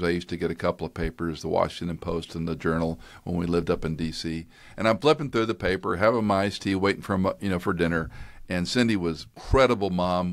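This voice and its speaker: A man in his sixties, a retired pastor hosting an interview, telling stories in a reflective, unhurried way with stammered restarts. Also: sits low, no room sound. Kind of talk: conversational interview.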